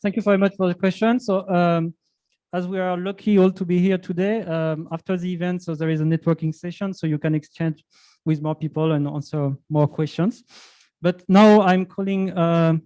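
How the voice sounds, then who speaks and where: A man moderating a live pitch event, introducing speakers in a chatty, rambling way. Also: steady tone, moderate pace, dark tone, clear, resonant tone, dry recording.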